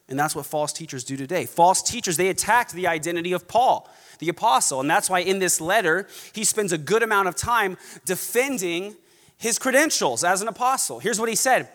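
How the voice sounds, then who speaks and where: Animated preacher in a reverberant hall. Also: male voice, high voice. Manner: animated, mocks snobby voices in quoted asides. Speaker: pastor. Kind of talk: sermon.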